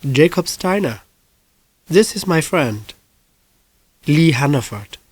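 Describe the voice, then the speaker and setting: A man's voice: fairly high pitch, expressive, takes it slowly, breathy edge, no room sound, full character voice. A man reading an audiobook, voicing a courteous older man in his sixties with a foreign accent. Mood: polite. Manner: courteous, formal.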